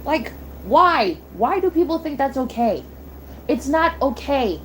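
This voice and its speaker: Heated young woman streamer, high voice. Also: big pitch swings, measured pace, slight background noise. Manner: heated, blunt, swearing, repeats itself. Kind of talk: angry rant on a live stream.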